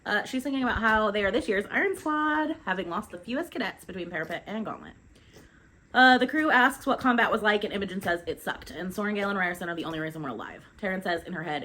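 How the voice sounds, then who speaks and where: Woman, mid pitch, rapid chatty book-recap delivery, faint room noise behind. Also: animated, a bit bright. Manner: chatty, informal, swears, quick asides. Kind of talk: casual chapter recap.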